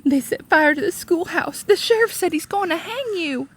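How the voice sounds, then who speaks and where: A woman's voice: very high voice, animated, normal speed, pitched above the performer's own voice. A woman voicing a frightened but defiant young schoolteacher, speaking urgently in a raised voice. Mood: pleading.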